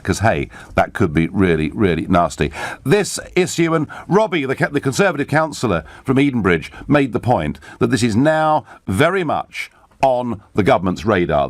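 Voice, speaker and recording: Male phone-in host, studio mic, very animated delivery, dry sound. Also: fairly low pitch, no echo. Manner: lively, stammers into his points, chuckles. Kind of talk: radio phone-in chat. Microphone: studio microphone.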